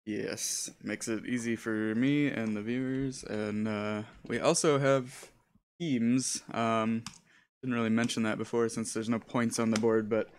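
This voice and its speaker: Guy doing sim race commentary, slow easygoing delivery, jokey, laughs a lot. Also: lowish voice, steady tone. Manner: jokey, laughs often, stumbles over names. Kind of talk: live sim racing commentary.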